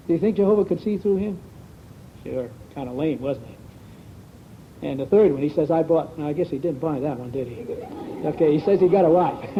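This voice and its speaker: A man giving a conversational Bible talk at a congregation meeting, folksy, asking rhetorical questions and repeating "see?" and "sure". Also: high voice. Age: 1970s recording. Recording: muffled old lo-fi tape with faint hiss.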